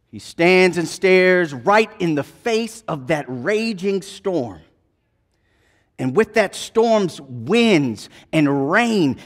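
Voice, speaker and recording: A man preaching a sermon, retelling a gospel scene in dramatic, folksy storytelling that swings between hushed and loud passages. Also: high-pitched. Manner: casual, folksy turns of phrase.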